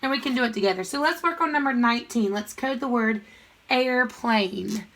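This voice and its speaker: A woman teaching a phonics lesson to young children, slowly sounding out words and thinking aloud as she writes on a board. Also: fairly high pitch, fairly bright tone, low-quality recording. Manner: slow, patient, sounds out words. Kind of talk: recorded classroom lesson.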